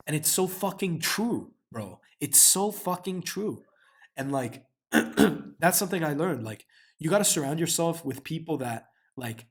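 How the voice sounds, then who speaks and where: A young man in his twenties talks straight to the camera about what he learned, looping through his thoughts. His speech is loose and full of slang, curse words and a steady stream of "like". His pitch sits in the middle range for a man. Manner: heavy slang and swearing, frequent filler "like". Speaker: vlogger. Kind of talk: casual reflective monologue.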